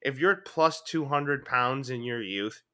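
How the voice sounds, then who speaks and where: A man's voice: mid-range voice, measured pace, bright, forceful tone, clean tone. A young man with a chest cold, co-hosting a casual sports podcast, talking emphatically and swearing freely. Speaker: podcast co-host.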